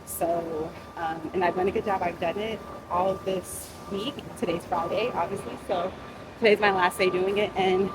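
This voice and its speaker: A woman vlogging casually to camera outdoors, chatty and upbeat, often addressing viewers as y'all. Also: medium pitch. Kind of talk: casual vlog chat to camera. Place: outdoors on the street and on a rooftop. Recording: loud street noise behind.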